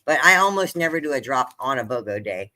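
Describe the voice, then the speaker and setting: A woman's voice: a bass voice, lively intonation, fairly quick, pushed and bright. An older woman chatting casually to viewers on her own livestream, talkative and easily moved, laughing often. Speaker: livestream host. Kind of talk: casual live-stream chat.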